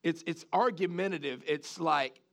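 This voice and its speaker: A man preaching a sermon in an animated way, repeating words and asking the congregation questions. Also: on the high side, normal speed, creaky.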